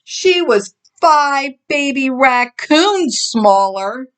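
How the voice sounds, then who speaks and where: Gentle woman reading a children's story. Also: high voice, very slow. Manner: expressive, gentle narration. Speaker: storybook reader. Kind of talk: children's story read-aloud.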